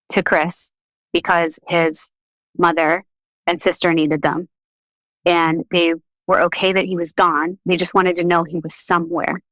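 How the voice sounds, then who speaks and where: A woman in a podcast interview, telling a personal story in an animated way and acting out the voices of the people in it. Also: on the low side, no room sound. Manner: animated storyteller, laughs often, acts out quoted voices. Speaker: podcast guest, shamanic practitioner.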